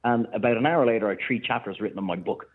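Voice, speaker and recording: An Irish man, a chef and restaurant owner, telling stories in a lively way on the radio and acting out the people he quotes. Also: fairly low pitch, racing, slightly rough. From Ireland. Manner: animated anecdote-teller, acts out quoted voices. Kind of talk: casual radio storytelling. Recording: thin phone-line sound.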